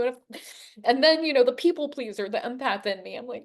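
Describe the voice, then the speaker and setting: Earnest woman in her forties, emotional. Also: high voice. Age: 40s. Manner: earnest, emotional, unhurried with long pauses. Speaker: interview guest. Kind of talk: personal testimony.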